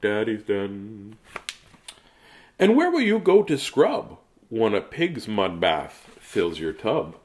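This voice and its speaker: A man's voice: mid-range voice, wildly swooping pitch, takes it slowly, darkish tone. A man reading children's picture books aloud in a playful, jokey way, with asides to viewers. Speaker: children's book reader.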